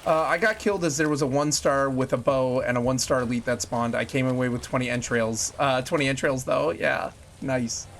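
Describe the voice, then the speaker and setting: Streaming a game with game music behind him, this man talks briskly with hardly any pauses in a mid-range, fairly even, creaky, slightly bright voice, with slight background noise. On his headset mic he's chatty and jokey, talking to chat while he plays.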